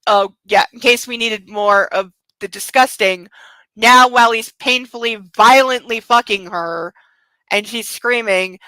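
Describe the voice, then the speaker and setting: Casting: a blunt, sarcastic woman reading a book aloud, bright crisp voice, dry close sound. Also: on the high side, measured pace, no echo, poor audio. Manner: sarcastic, indignant, blunt with swearing. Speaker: book club reader and commentator.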